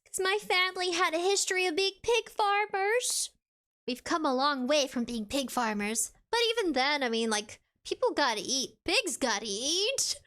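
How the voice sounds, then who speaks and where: A VTuber streamer with a high-pitched, animated, fairly bright voice speaks at a moderate pace. She chats casually with viewers, reading out chat and game text in a playful, rambling way.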